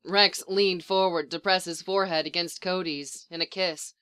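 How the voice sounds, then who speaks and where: A narrator reading a story aloud in an even, measured way. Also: medium pitch, smooth. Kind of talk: audiobook reading of fan fiction.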